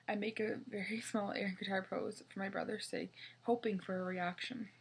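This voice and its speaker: A woman's voice: mid-range voice, steady tone, brisk, gravelly, husky. Woman reading a kids' book aloud. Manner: casual, stumbles and corrects herself. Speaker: reader.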